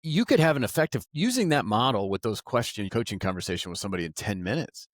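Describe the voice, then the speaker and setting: A man's voice: lowish voice, fast, dry recording, clean studio sound. A man talking candidly in a casual interview, acting out the things people said and owning up to his own mistakes. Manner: animated, acts out quoted remarks; candid and self-critical. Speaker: market director; guest.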